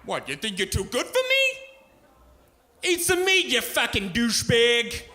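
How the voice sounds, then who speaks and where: A man doing a loud, rude mobster-type pitchman. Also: very animated, measured pace, heavily acted. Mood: brash aggressive. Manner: brash, shouting insults.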